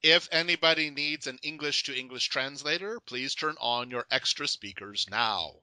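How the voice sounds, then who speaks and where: A man's voice: medium pitch, normal speed, sharp tone, clean tone, no echo, rough recording. A man hosting a casual podcast interview, joking around and laughing often. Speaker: podcast host.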